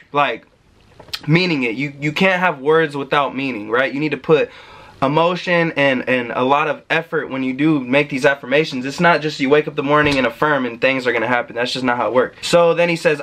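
A man's voice: fairly high pitch, fairly bright tone. A young man hosting a self-help video, talking casually and emphatically to his viewers, with slang and the odd swear word. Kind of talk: casual motivational talk.

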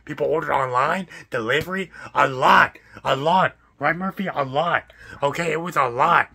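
A young man in a profane, exasperated vlog rant about his fast food job, repeating himself as he vents. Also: fairly high pitch, creaky, bright, forceful tone, slightly rough. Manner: exasperated, profane, repetitive ranting. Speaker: fast food worker ranting.

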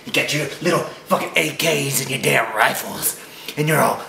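A vlogger shouting a crude, swearing rant at the camera. His voice is heavily gravelly and bright and cutting. A roomy echo hangs on every word. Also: medium pitch, normal speed, slight background noise. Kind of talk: profane angry rant.

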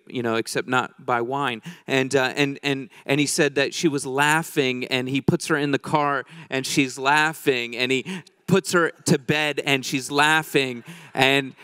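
Gravelly, joking storyteller preacher man. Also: mid-range voice, a bit bright, no echo, clean studio sound. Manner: conversational, joking, acts out quoted voices. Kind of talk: storytelling sermon.

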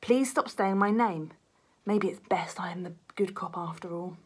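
A man's voice: high-pitched, normal speed, husky. A woman doing a whiny, flustered male detective. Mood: exasperated. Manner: fretful, apologetic, easily flustered. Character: fussy clumsy male police detective, timid.

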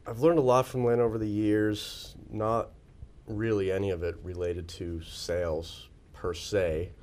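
A man's voice: on the low side, little pitch movement, a little slow, darkish tone. A man playing a patient, exasperated sales colleague in an improvised mockumentary.

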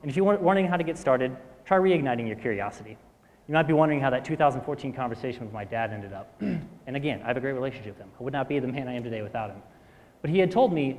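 A man in his thirties giving a motivational talk on stage, talking quickly and often clearing his throat. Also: mid-range voice, lively intonation, darkish tone. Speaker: speaker at a live talk event. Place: stage in a hall with an audience. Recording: reverberant hall.

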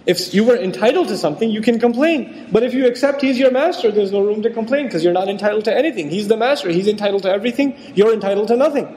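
A man's voice: high voice, mellow, slight background noise. A man giving a religious lecture on scripture in a conversational way, acting out the voices he quotes. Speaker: Quran lecturer. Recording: echoey hall with long reverb.

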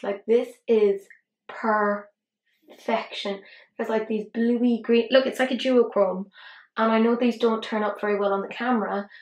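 An Irish woman in her thirties talks her viewers through her makeup in a casual, self-mocking way. Her voice sits a little on the high side, and she drops into quiet asides. The room around her has a noticeable echo. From Ireland. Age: 30s. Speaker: beauty vlogger. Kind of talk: casual makeup tutorial chat.

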